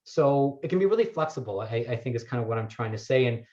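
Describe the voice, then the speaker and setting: Talking in a relaxed interview, this wellness coach reflects carefully and gropes for the right words. He's an expressive, fast talker with a mid-range, darkish voice, heard through muffled, lo-fi sound.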